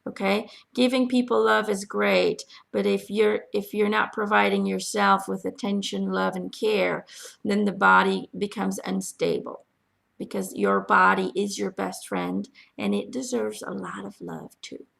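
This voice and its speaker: A woman acting as a spiritual medium, reading answers to questions from her followers in a gentle, halting way with many pauses. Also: mid-range voice, little pitch movement, creaky. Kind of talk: channeling reading, casual spoken.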